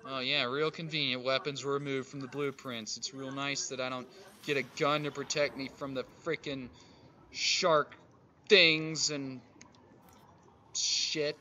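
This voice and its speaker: Bright-voiced man grumbling through a game. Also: mid-range voice, steady tone, unhurried, highs cut off, a little hiss or hum. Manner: grumbling, swears at game creatures; jumps between mutters and loud outbursts. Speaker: gaming streamer. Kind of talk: casual let's-play commentary.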